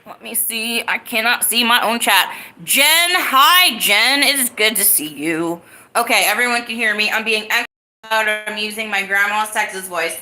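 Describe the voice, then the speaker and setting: A woman's voice: medium pitch, moderate pace, sharp tone, reverberant. A woman hosting her own live-stream podcast, talking casually and greeting viewers in the chat. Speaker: livestream podcast host.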